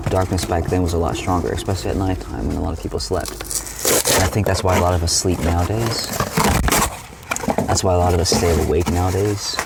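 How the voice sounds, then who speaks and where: A young male streamer rambles casually through a dream he had, his low voice creaky and the recording very noisy. He leans heavily on "like," keeps restarting his sentences, and swears often.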